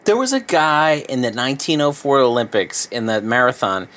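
A man's voice: medium pitch, very animated, normal speed, a bit bright. A man co-hosting a casual podcast, laid-back, with laughing asides. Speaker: podcast co-host. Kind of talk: casual chat.

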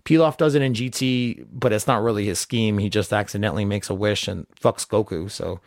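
A young man co-hosts a podcast, casually and profanely chatting about a movie in a review-style conversation and acting out the characters' lines. His voice is fairly low, gravelly and brisk, captured in a dry, studio-quality recording.

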